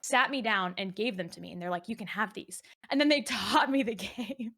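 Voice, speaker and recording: A woman's voice: mid-range voice, animated, fairly quick, a bit bright. A woman streamer telling a story and teasing friends crudely in voice chat, often laughing.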